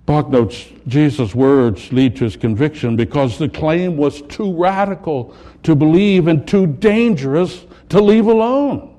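A man preaching a sermon, dramatically swinging between loud, emphatic lines and hushed, low ones. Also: a little slow.

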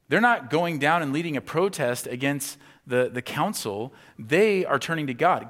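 A man's voice: on the high side, lively intonation, normal speed, hardly any pauses, fairly bright tone. A man preaching a sermon to his congregation, animatedly acting out imagined indignant reactions. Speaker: pastor. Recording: long hall reverb.

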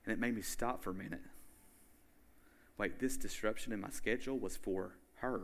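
A man's voice: lowish voice, moderate pace, creaky. A man preaching a sermon in a casual, conversational way, often saying "like" and checking in with his listeners. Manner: casual and chatty, with frequent "like" and questions to the listeners.

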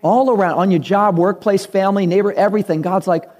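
A man's voice: sits high, steady tone, fast talker, a little mellow. A male pastor giving a conversational sermon, acting out the dialogue in his stories. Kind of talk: sermon with personal story.

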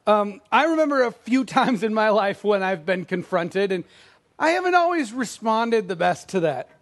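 A man's voice: high-pitched, sing-song, normal speed. A middle-aged man preaching a sermon as a pastor, in a conversational, self-deprecating way, acting out quoted lines.

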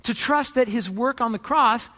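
A man's voice: very high voice, normal speed, sharp tone, long reverb tail. A man preaching a sermon, telling a joke and Bible stories in a casual, conversational way with many restarts. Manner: casual storytelling, with joking asides and restarts. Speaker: pastor.

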